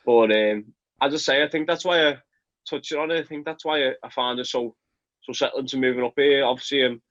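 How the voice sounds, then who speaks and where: A man's voice: mid-range voice, steady tone, fairly quick, fairly bright tone, lo-fi sound. A young man from Liverpool with a Liverpool accent, chatting casually in an interview as a football player, laughing often and repeating words. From England, Liverpool.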